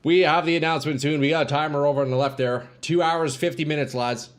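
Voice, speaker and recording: A chatty male game streamer talks fast into a desk streaming mic, his voice on the high side and steady in tone. He gives casual live-stream commentary while playing, reading chat aloud and breaking into bursts of hype.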